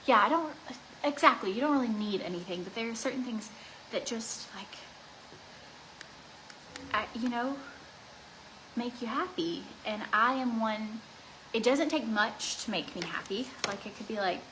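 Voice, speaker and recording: A woman's voice: fairly high pitch, unhurried, pauses often, fairly bright tone, slight background noise, poor audio. Chatty woman rambling through a makeup tutorial. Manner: rambling, lots of "like" and restarts, laughs often. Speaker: beauty vlogger.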